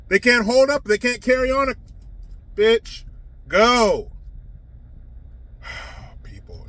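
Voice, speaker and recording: A man delivers a sarcastic, scornful political rant from inside a car. His voice sits high and sounds bright and forceful, and the whole delivery is mocking. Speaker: political commentator.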